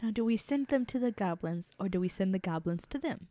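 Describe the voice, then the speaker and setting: Mellow-voiced woman playing a vampire. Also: medium pitch, animated, fairly quick, no room sound. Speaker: player voicing vampire character. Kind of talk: tabletop role-play.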